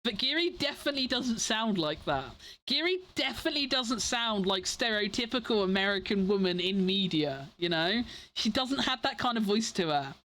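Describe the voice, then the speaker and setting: A woman's voice: medium pitch, expressive, moderate pace, a bit bright. Rambling English young woman streamer. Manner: rambling, filler-heavy, self-interrupting. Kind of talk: casual chat with viewers.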